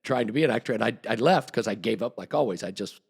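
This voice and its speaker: A man's voice: lowish voice, lively intonation, quick pace, creaky, slightly rough. A man guest on a podcast, telling a long, rambling story with restarts and acted-out quotes. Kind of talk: casual storytelling.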